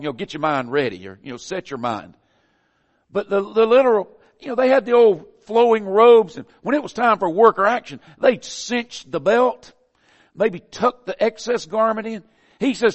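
A man's voice: high voice, big-room sound, lo-fi sound. A man with a Southern US accent preaching a sermon in a folksy, conversational way, building phrases to emphatic peaks. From American South.

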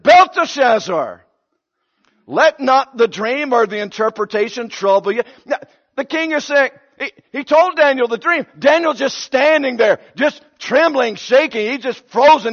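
Animated high-voiced man preaching. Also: lo-fi sound. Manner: animated storytelling, acts out the characters, swings between loud and hushed. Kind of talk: sermon.

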